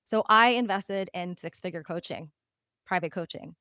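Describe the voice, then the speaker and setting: A woman's voice: fairly low pitch, normal speed, pushed and bright, clear, resonant tone, dry recording, studio quality. A woman coach and podcast host giving a live masterclass talk, telling her story candidly and animatedly, with casual swearing.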